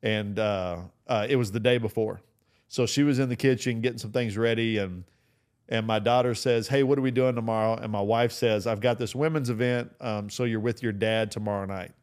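A man's voice: lowish voice, fairly even intonation, fairly quick, a little mellow. A man co-hosting a faith podcast who asks questions and tells stories in a casual chat. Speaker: podcast co-host, men's ministry leader.

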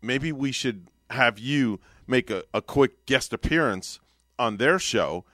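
A man's voice: mid-range voice, animated, slow pace, fairly bright tone, no room sound, studio quality. A man hosting a morning radio show, chatting in an upbeat way while he calls another station. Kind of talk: casual radio banter. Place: radio studio. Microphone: studio microphone.

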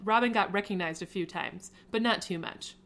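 Woman reading as witty middle-aged mom, teasing, playful, mid-pitched. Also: moderate pace, fairly bright tone, close to an everyday voice. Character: witty, warm middle-aged mother and wife.

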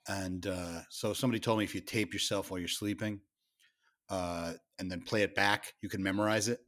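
A man from Worcester, Massachusetts, talks beer with his co-hosts. His voice sits very low, and he speaks in a relaxed, halting way, pausing often to find his words. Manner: relaxed, halting, lots of uh fillers. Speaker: podcast co-host. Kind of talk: casual chat.

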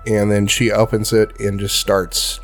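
A man running a tabletop game as game master, narrating the scene in a calm, measured way with occasional fillers. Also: lowish voice, soft background music.

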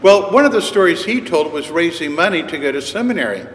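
A man preaching a sermon, telling stories in an unhurried, conversational way. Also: a little high, animated, fairly bright tone, slight background noise. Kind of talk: sermon storytelling. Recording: echoey hall with long reverb.

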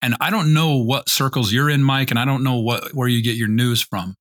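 A man's voice: mid-range voice, brisk, a bit bright. Forties male co-host, casual chat that builds into sweary rants. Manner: heated ranting, swearing, mocking. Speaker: podcast co-host.

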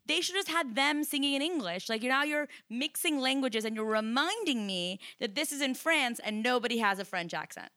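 A woman co-hosting a casual film review podcast, animated and quick to laugh, saying "like" often. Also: sits high, dry recording, studio quality. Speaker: podcast co-host.

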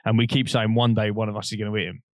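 A man's voice: fairly low pitch, level tone, rapid-fire, no echo, studio quality. A young man, co-hosting a podcast and telling a long, rambling story in casual chat, laughing often and swearing freely. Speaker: podcast co-host.

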